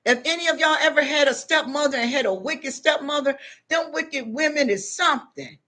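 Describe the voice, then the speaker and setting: A woman's voice: high voice, moderate pace, sharp tone. A middle-aged woman, a spiritual self-help vlogger, giving an emphatic, unscripted motivational talk straight to her viewers. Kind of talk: unscripted motivational monologue to followers.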